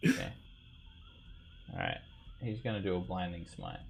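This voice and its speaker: A man narrating as game master of an online tabletop game, halting with many fillers and restarts. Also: low-pitched, huge pitch swings, gravelly, heavy background noise.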